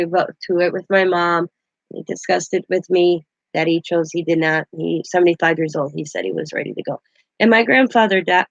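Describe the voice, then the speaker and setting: A woman's voice: lowish voice, no room sound. Craft vlogger lady rambling on, chit-chatty, dry dull lo-fi sound. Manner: rambling, chatty storyteller with many restarts. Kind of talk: casual chat.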